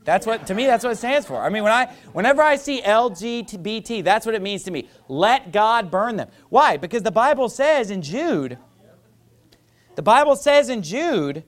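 A man's voice: high voice, big pitch swings, normal speed. A male pastor preaching a sermon in an emphatic, mocking style that builds to rising fervor.

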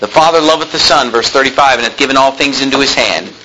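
Male pastor, bright forceful voice with a slight hiss of noise, preaching with rising emphasis. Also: mid-range voice, fast talker, poor audio. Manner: preaching with swells of emphasis, quoting scripture in King James wording. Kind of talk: sermon.

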